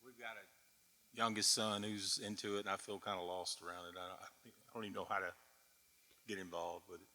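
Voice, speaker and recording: A low-voiced man asks a hesitant question from the audience, heard from a distance with a sharp, tense tone. The church hall's long reverb carries his voice. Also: flat delivery, fairly quick. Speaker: audience member. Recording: far off in a reverberant hall.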